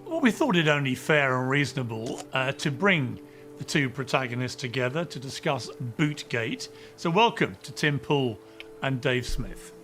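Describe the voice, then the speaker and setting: A man's voice: medium pitch, lively intonation, normal speed, a bit bright, soft background music. A man presenting a debate show, introducing guests and posing pointed questions.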